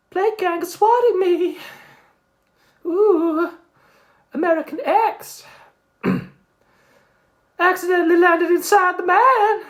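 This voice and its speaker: A man doing a strained, shrill impression of a paranoid, furious man ranting on a livestream. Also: sharp tone, exaggerated voice. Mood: whiny. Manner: shrieking, ranting, strained throat.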